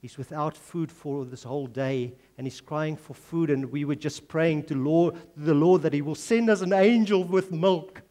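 A man with a South African accent voicing a desperate, tearful young mother in a sermon story, speaking softly. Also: fairly high pitch, moderate pace, few pauses, lightly acted.

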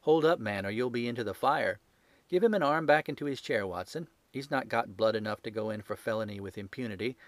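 A man voicing a sharp, commanding gentleman detective who speaks coolly, sternly and precisely. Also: medium pitch, brisk, no room sound, lightly acted.

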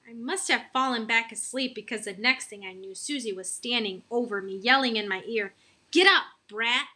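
Woman reading a children's book aloud, friendly, bright tone, a bit high. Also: fairly quick, breathy edge. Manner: friendly, questioning listeners.

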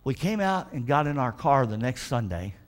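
In a church, a male pastor with a mid-range voice preaches a very animated, emphatic sermon, calling for responses from the congregation and slowing right down to stress scripture.

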